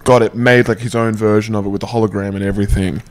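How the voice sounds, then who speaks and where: A man's voice: lowish voice, level tone, fast talker. A man in casual podcast chat, joking and laughing often.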